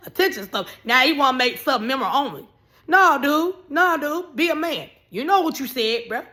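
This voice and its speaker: Blunt, animated woman ranting. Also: sits high. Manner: animated, blunt, swears freely, raises voice in bursts. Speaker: vlogger. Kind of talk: casual ranting commentary.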